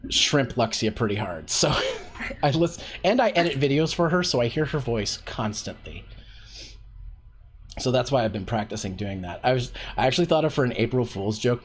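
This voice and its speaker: Man, ordinary pitch, easygoing workshop host who rambles with fillers over faint hiss. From Canada. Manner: loose and rambling, heavy on fillers like "like" and "um". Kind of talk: casual livestream teaching.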